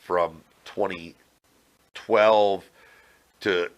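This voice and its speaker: A man's voice: low voice, extremely slow, clean tone, lo-fi sound. A man, a former pro wrestler, telling brash, profane stories as a podcast guest. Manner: brash, profane, animated storytelling. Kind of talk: casual interview chat.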